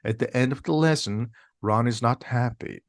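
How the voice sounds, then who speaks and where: A man narrates a simplified audiobook in a steady, plain reading. His voice sits at an ordinary middle pitch. The recording is dry and close. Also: moderate pace, dry recording. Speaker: reader.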